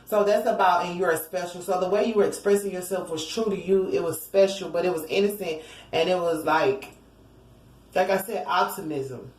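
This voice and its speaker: A woman's voice: on the low side, normal speed, a little mellow, echoey room, low-quality recording. A woman giving a casual tarot reading, talking in a chatty, slangy way and acting out what people might say. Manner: chatty, slangy, acts out quotes, sings snatches of songs. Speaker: tarot reader.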